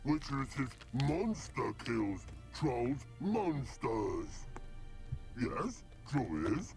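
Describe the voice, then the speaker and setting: A male actor voicing a slow-witted, stubborn troll in a video game who speaks in broken, halting phrases. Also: medium pitch, very animated, darkish tone, faint music behind, heavily acted. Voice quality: gravelly, broken grammar.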